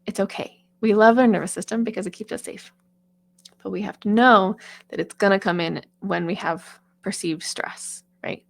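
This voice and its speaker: A woman's voice: mid-range voice, vocal fry, no echo. A woman singer and vocal coach giving chatty, encouraging advice in a casual talk, with lots of fillers.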